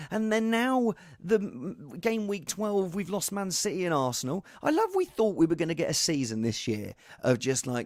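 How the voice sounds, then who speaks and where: A male host chatting casually on a live stream, wandering from one thought to the next and poking fun at himself. His voice sits a little high, with a gravelly rasp. The sound is dry and close. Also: no echo. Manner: rambling, self-deprecating.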